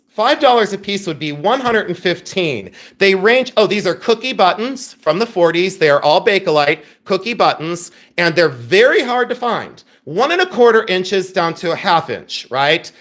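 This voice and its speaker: A man with a notably high voice talks his way through a live jewelry sale. He is middle-aged, chatty and playful, and thanks viewers by name while showing off pieces. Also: animated, moderate pace, hardly any pauses, fairly bright tone. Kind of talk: live-stream selling chat.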